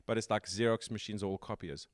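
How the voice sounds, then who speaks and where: Low-voiced male podcast host. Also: steady tone, fast, dry recording, studio quality. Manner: explanatory, builds points step by step. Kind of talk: casual tech interview chat.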